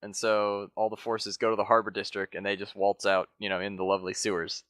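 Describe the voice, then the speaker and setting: A man with a smooth, resonant low voice talks through a podcast in loose, rambling chat. He swears casually and leans on fillers, recorded dry and close. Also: monotone, a little fast, fairly bright tone, no room sound. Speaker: podcast co-host.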